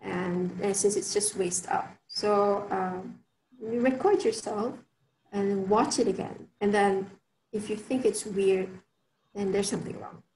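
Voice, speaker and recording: A woman's voice: mid-range voice, steady tone, a little slow, a little mellow, slight background noise. Chatty woman in an echoey room. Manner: chatty, many fillers and restarts. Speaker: workshop speaker. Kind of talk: online workshop talk. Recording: roomy sound with faint ambience.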